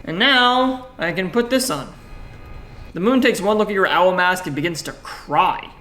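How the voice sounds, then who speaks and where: A man's voice: high-pitched, animated, measured pace, pushed and bright. A man playing a text adventure and commenting casually, swearing now and then and reading the game text aloud. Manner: casual, swears, jokey self-talk. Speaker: gaming streamer.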